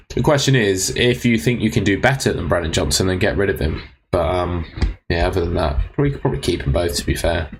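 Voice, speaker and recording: Husky low-voiced streamer. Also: male voice. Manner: chatty, laid-back, teasing viewers as "mate". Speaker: fantasy football streamer answering chat. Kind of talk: casual live-stream Q&A.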